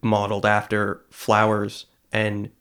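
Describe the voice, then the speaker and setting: A man's voice: lowish voice, monotone, takes it slowly, a bit bright, clean tone. A man co-hosting a casual podcast, tossing in dry joking asides. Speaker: podcast co-host. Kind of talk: casual chat.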